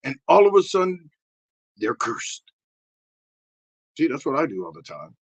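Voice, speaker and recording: A man doing a rambling, crude improvised comedy rant, excitable and prone to sudden shouting. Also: a little high, a little slow, slightly rough.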